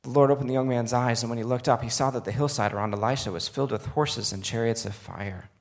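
A man's voice: mid-range voice, fairly even intonation, fast talker, gravelly. A man preaching a sermon, reading scripture aloud and turning to the listeners with earnest, conversational asides.

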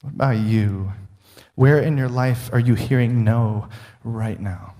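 A man's voice: medium pitch, a little slow, warm tone. A man preaching a sermon in a conversational, humorous way, often asking his listeners questions. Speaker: pastor.

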